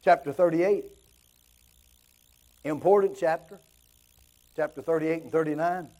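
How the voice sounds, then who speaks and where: Pastor, male, high and mellow, impassioned sermon delivery with rhetorical questions. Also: measured pace.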